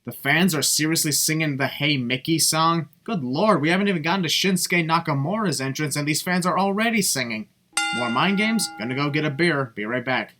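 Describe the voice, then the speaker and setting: A man's voice: on the high side, lively intonation, a little fast, noisy background. A man giving sarcastic voice-over commentary, blunt and mocking, swearing freely. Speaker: video commentator.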